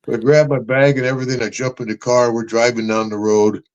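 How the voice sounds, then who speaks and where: An older American man with an American accent, telling lively road stories as an interview guest, chuckling and calling people brother. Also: mid-range voice, fast talker, lo-fi sound. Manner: animated storyteller, chuckling, calls people brother. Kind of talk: storytelling interview.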